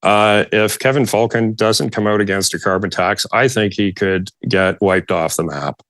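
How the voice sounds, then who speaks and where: A man talking politics on a casual panel podcast, halting and restarting often, laughing at himself. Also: on the low side, a bit bright, no room sound.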